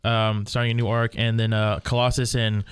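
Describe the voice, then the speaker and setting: A man's voice: lowish voice, flat delivery, moderate pace. A young man hosting a casual podcast chat about comics, rambling with fillers and restarts. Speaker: podcast host.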